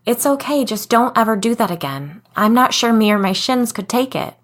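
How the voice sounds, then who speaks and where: A woman's voice: a little high, animated, normal speed, pitched above the performer's own voice, lightly acted. A woman voicing a worried, tender mother who soothes her lost child in a spoken horror story. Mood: tearful relief. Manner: soothing, pleading softly.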